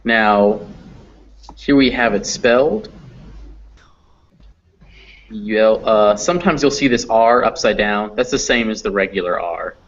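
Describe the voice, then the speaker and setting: A man's voice: lowish voice, measured pace, pauses often. A man teaching English pronunciation to a class, patiently explaining step by step. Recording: dull lo-fi audio.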